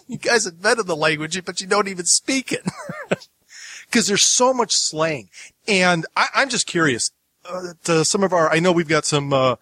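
Rambling American podcast host, slightly high. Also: male voice, fairly bright tone, no echo. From United States. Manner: rambling, lots of restarts and asides. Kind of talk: casual podcast chat.

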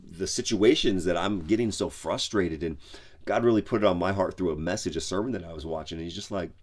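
Deep-voiced man, casual pastor. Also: brisk. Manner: conversational, lots of "like" and "you know". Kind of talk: casual devotional podcast talk.

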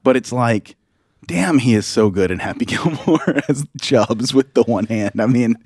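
A man's voice: medium pitch, animated, a little slow, darkish tone, breathy edge, no room sound, studio quality. A man in easygoing casual conversation who fills in with agreeing words and laughs often. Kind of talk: casual chat.

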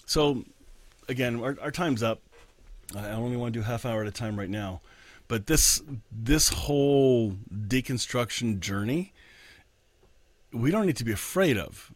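A man who is a pastor and podcast host, talking in an earnest, reflective way in a candid monologue and slowing down to stress his points. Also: mid-range voice, lively intonation, no room sound.

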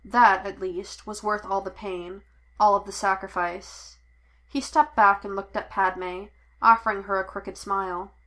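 Bright clear woman reading a story aloud, even and steady. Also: mid-range voice, a little slow. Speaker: podfic reader. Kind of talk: storybook narration.

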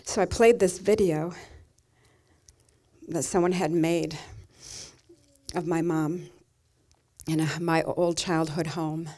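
A woman's voice: sits low, fairly even intonation, slow, long pauses, darkish tone. A middle-aged woman pastor giving a sermon, telling a personal story in a tender, emotional way.

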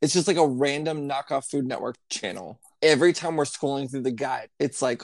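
A man's voice: mid-range voice, fairly quick, vocal fry, hardly any pauses, dry recording, clean studio sound. A man co-hosting a podcast in casual chat, laughing often as he tells a story. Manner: giggly, laughs often while telling a story. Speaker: podcast co-host.

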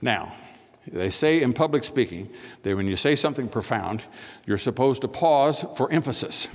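An older American man giving a public speech, telling anecdotes, acting out dialogue and pausing for emphasis. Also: mid-range voice, expressive. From United States. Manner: storytelling, acts out dialogue, measured pauses for emphasis. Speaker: speaker. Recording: long hall reverb.

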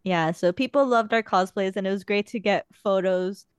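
A woman's voice: medium pitch, normal speed, clean tone, no room sound, clean studio sound. A young woman on a podcast, casually telling stories in a chatty way with some swearing. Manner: chatty storytelling, frequent swearing. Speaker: podcast host. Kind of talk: casual chat.

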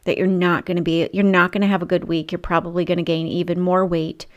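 A woman's voice: fairly low pitch, little pitch movement, quick pace, highs cut off. A middle-aged woman hosting a faith-based weight loss coaching show, earnest and emotional, with frequent asides. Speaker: Christian weight loss coach and podcast host.

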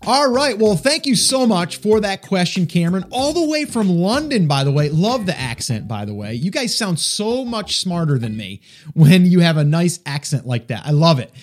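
A man's voice: sits high, very animated, moderate pace. A man hosting an advice podcast in a chatty, self-deprecating way, with an East Coast American accent. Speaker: podcast host.

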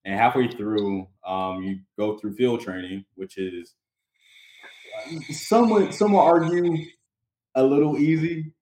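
A man hosting a casual podcast chat, telling animated stories and laughing often. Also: medium pitch, slow. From North Carolina. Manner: animated storyteller, acts out voices, laughs often. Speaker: podcast host. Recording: echoey room.

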